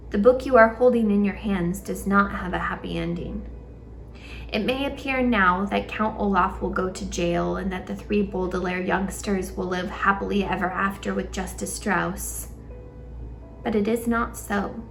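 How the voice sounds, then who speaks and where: A woman reading a children's novel aloud with measured, wry storytelling. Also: mid-range voice, gravelly. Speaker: storybook reader.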